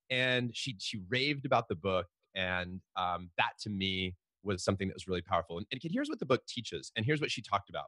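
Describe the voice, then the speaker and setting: A man's voice: medium pitch, animated, brisk, a bit bright, husky, no echo. A middle-aged man, a podcast guest and author, telling stories animatedly with frequent restarts. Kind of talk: storytelling in a podcast interview.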